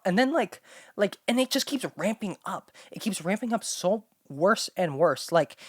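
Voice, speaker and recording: Young woman, casual solo chat host, rambling, lots of filler words, blunt and sweary, mid pitch, dry recording. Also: lively intonation, normal speed, dry recording. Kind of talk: casual talking-to-camera chat.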